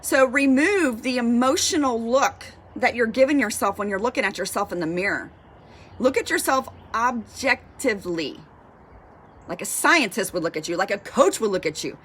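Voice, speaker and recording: Fired-up, high-voiced woman fitness coach. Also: expressive, normal speed, a bit bright, breathy edge. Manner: passionate, fired up, emphatic repetition. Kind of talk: motivational talk to camera.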